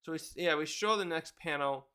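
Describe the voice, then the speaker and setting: A man's voice: a little high, brisk, bright, forceful tone, clean tone. A man casually reviewing a manga chapter, rambling, correcting himself and reading the panels aloud.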